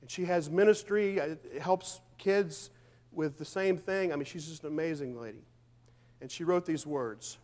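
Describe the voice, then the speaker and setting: A pastor preaching with fervent, emphatic conviction in a high voice. He fires off rhetorical questions, then drops into quieter, lower asides before building back up. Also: normal speed, long reverb tail. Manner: swings between loud declarations and quiet, low asides. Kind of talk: sermon.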